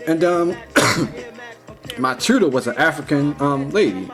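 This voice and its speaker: A young man talking in a casual, rambling vlog monologue, full of "like" and "you know", slangy and animated. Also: a little high, takes it slowly, soft background music. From United States. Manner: rambling, heavy use of "like" and "you know", restarts; slangy, animated when retelling. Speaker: vlogger.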